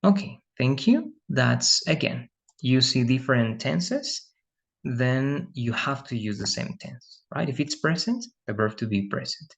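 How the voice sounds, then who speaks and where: A man's voice: medium pitch, big pitch swings, a little slow, vocal fry. A man teaching an English grammar lesson, explaining patiently and checking often with "right?".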